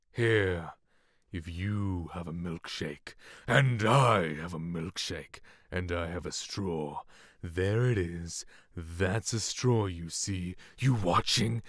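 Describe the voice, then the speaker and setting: A young man acting out a ruthless middle-aged oilman who taunts slowly and swells into roars, recorded close on a studio condenser mic. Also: sits low, gravelly, no echo, heavily acted.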